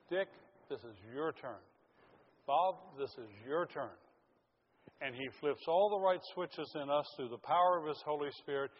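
A man, a pastor, preaching a sermon with rhetorical questions and building emphasis, recorded in a church. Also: a little high. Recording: dull lo-fi recording with long hall reverb and faint noise.

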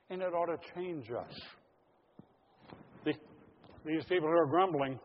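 Pastor preaching in an echoing hall. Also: male voice, fairly high pitch. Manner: earnest, addresses congregation as folks. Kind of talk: sermon. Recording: lo-fi audio in a large reverberant hall.

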